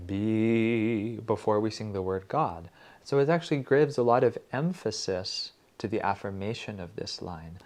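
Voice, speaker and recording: Soft-spoken man teaching, dropping to whispers. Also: on the low side, expressive. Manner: slow, gentle, drops to whispers on repeated words. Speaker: spiritual music teacher. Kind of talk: reflective teaching talk with recited verses.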